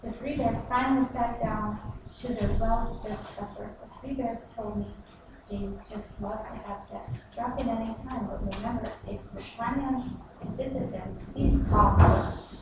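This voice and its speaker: A woman reading a storybook aloud to children in an expressive, sing-song way. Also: on the high side, normal speed. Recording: echoey, far-off noisy room.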